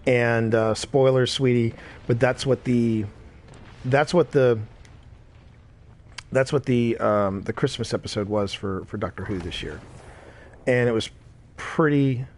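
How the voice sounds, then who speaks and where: A man's voice: medium pitch, creaky, slight background noise. Tired middle-aged man streaming a game. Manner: rambling, repeats himself, reacts to the game aloud. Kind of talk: casual gameplay chat.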